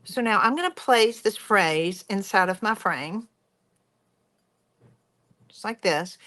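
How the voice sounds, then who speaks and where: A woman's voice: medium pitch, pushed and bright. A woman hosting a craft tutorial, chatty and enthusiastic as she talks viewers through each step. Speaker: craft workshop host.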